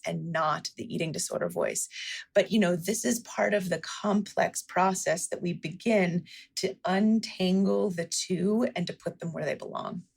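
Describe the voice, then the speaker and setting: A woman's voice: fairly low pitch, creaky, slightly rough. A woman physician answering interview questions in an earnest, explanatory way, stressing each word in a list. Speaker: physician guest.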